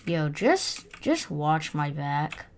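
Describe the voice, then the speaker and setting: A woman giving casual gaming commentary at a desk mic, excitable and swinging from muttering to yelling. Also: low-pitched, takes it slowly, a little hiss or hum. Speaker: gaming video creator. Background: faint keyboard typing and clicks.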